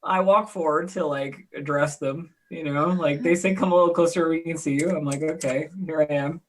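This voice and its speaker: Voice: medium pitch, fairly even intonation, a little fast. A tabletop game player who giggles often and bluffs playfully in character.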